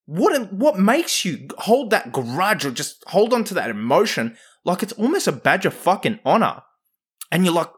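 A man's voice: high voice, sing-song, moderate pace, husky. A man hosting a podcast who talks candidly and emphatically, swearing freely and questioning himself as he goes. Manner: profane, emphatic, self-questioning. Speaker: podcast host and coach. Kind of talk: candid motivational monologue.

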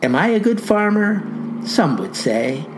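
A woman's voice: medium pitch, very animated, measured pace, noisy background. A woman voicing a folksy old male farmer who tells a comic first-person story in ornate, pompous words with a folksy drawl.

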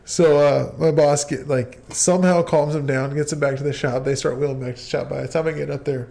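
A man telling a work story in relaxed casual chat, laughing often as he goes. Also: a little high, fairly quick, vocal fry. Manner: laid-back, laughs while telling stories. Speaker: podcast co-host.

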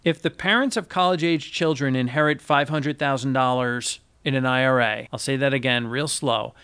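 A man's voice: medium pitch, moderate pace, a bit bright, clear, resonant tone. A man co-hosting a finance podcast, explaining articles in a casual chat and reading quotes aloud with emphasis. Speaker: podcast co-host, financial advisor.

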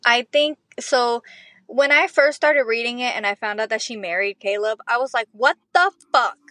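A woman's voice: fairly high pitch, fairly even intonation, moderate pace, a bit bright, no room sound. A middle-aged woman co-hosting a book podcast, chatting casually and emotionally, swearing freely as she gushes. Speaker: podcast co-host.

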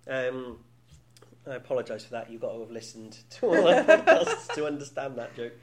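A man's voice: medium pitch, wildly swooping pitch, moderate pace, a crowd in the background. A man in his thirties co-hosting a podcast, talking candidly in casual chat with many restarts and frequent laughs. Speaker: podcast co-host.

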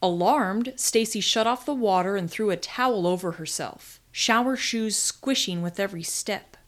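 A woman host reading her own scripted story aloud, with dry comic timing and dramatic pauses. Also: medium pitch. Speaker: podcast host and story writer.

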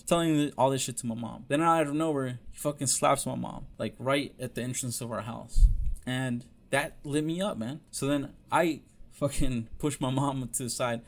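A man recounts a painful family story in a loose, confessional way. His talk is full of fillers and swearing, and his voice sits at an ordinary middle pitch. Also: moderate pace, vocal fry. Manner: loose, profane, many fillers; frank and confessional. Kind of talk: casual personal storytelling.

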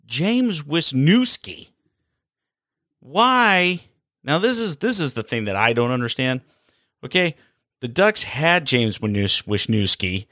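A man giving a casual, animated opinion rant as a hockey vlogger, full of sarcasm and rhetorical questions. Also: mid-range voice, dry recording, clean studio sound.

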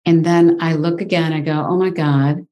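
Low-voiced woman telling a story. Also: moderate pace, muffled recording. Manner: animated, exclaims often. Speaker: guest. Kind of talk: casual interview storytelling.

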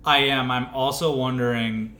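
A man's voice: mid-range voice, steady tone, normal speed, bright, forceful tone. A man co-hosting a casual beer podcast, joking and teasing his partner in a dry way. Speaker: podcast co-host. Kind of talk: casual beer-tasting chat.

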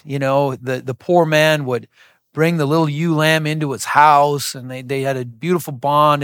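A man giving a sermon, telling a story in a relaxed, conversational way and acting out the characters' lines. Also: a little high, no echo, studio quality. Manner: conversational storytelling, acts out quotes. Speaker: pastor.

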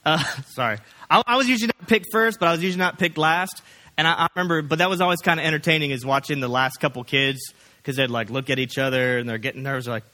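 A pastor preaching a sermon in a folksy, rambling storytelling way, full of fillers and restarts. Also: male voice, mid-range voice, a little fast, sharp tone.

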